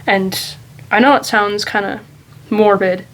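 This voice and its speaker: A woman's voice: mid-range voice, steady tone, takes it slowly, fairly bright tone, rough recording. A woman vlogger talking casually and candidly in a rambling, reflective monologue.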